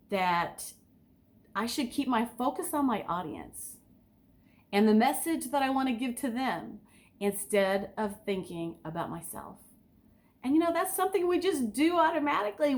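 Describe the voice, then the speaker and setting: An enthusiastic woman giving an instructional talk as a speaking coach, asking her listeners direct questions. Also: a little high. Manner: enthusiastic, sometimes overly excited.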